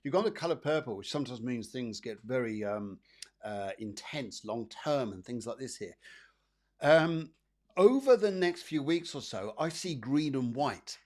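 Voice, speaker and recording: A man's voice: mid-range voice, lively intonation, unhurried, darkish tone. A man hosting a live psychic show, reading cards for viewers in a rambling, chatty way with many repeats and fillers. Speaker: psychic medium host.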